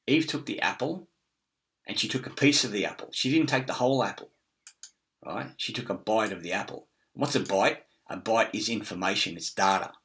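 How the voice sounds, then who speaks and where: A man's voice: on the low side, sharp tone. A middle-aged man, rambling in a casual monologue with many fillers, restarts and frequent swearing. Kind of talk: casual screen-share monologue.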